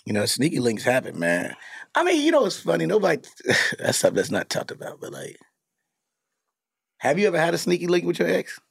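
Gravelly, laughing storytelling man. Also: a little high, fairly quick, no room sound, clean studio sound. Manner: animated storyteller, laughs a lot, profane. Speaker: podcast host. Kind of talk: casual chat.

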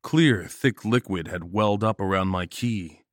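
A man narrates a horror story in steady first person, with a fairly low voice. The sound is dry and close, with no room around it. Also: unhurried, no echo.

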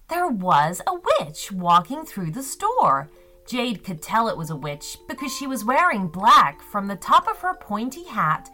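A woman narrating a children's story in an expressive, sing-song storytelling way. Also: medium pitch.

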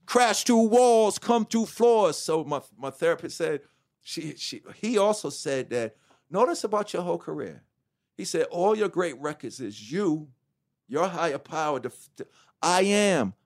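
A man's voice: fairly high pitch, moderate pace. A middle-aged man, telling his life story candidly in an interview, swearing freely and acting out what others said to him. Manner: animated, swearing, acts out quotes. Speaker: guest.

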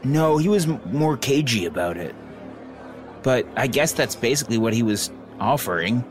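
A man plays in a tabletop game, describing his character's actions in a loose, rambling way. His speech is full of casual fillers. Clear music plays under his voice. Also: mid-range voice, normal speed. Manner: rambling, filler-heavy, relaxed. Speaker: player.

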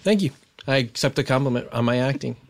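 A man with a gravelly voice full of fry co-hosts a comedy podcast. He teases his guest in a playful improv style. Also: medium pitch, animated, fast talker. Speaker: podcast co-host.

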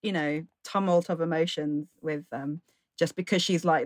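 A woman's voice: deep voice, steady tone, moderate pace, no echo, studio quality. A woman co-hosting a podcast, chatting enthusiastically with lots of filler words. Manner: enthusiastic, many filler likes. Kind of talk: casual chat.

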